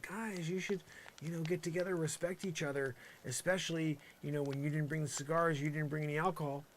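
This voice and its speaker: A man doing an improvised comic monologue, rambling and sarcastic, swinging between loud outbursts and muttered asides. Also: fairly high pitch, fairly even intonation, brisk, a little hiss or hum. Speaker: comedian.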